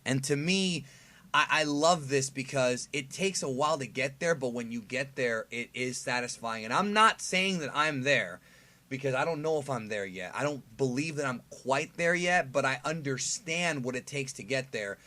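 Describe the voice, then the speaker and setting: A man talking straight to his viewers in a loose, casual explainer. He rambles with enthusiasm, stops and restarts his sentences, and leans on fillers as he works through his point. His voice sits at an ordinary middle pitch. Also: fairly bright tone. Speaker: YouTube host.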